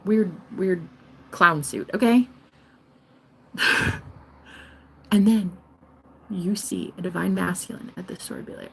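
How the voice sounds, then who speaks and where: A woman giving a casual reading to camera, animated and profane, sometimes dropping into a whisper. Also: on the low side, takes it slowly, vocal fry, long pauses, slight background noise. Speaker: tarot reader.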